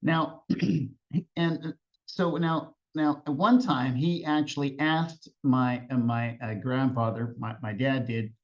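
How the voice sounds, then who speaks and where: A man telling a family tall tale live, halting and repeating words with chuckles between lines. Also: medium pitch, steady tone. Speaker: storyteller. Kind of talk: live storytelling. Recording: lo-fi event recording.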